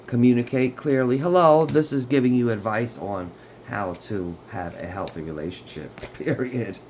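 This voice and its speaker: A man in the middle of a laid-back tarot reading, speaking at an everyday, middle pitch. His talk is chatty and informal, and he often pauses to check in with his listeners. Faint room ambience sits underneath. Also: darkish tone, slight background noise. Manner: chatty, keeps checking in with "okay?" and "y'all". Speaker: tarot reader. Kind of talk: casual tarot reading to camera. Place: at home.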